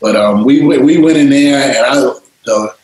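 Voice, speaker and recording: A man telling stories in a casual interview, animated and freely swearing, acting out voices. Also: mid-range voice, moderate pace, heavy reverb, slight background noise, low-quality recording. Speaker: interview guest, DJ and producer.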